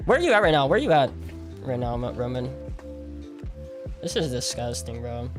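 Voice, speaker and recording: A man's voice: medium pitch, sing-song, normal speed, over music. A young man streaming a game, talking to chat in a casual, argumentative way, full of slang and repetition. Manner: incredulous, argumentative, repeats himself; heavy use of "like" and slang.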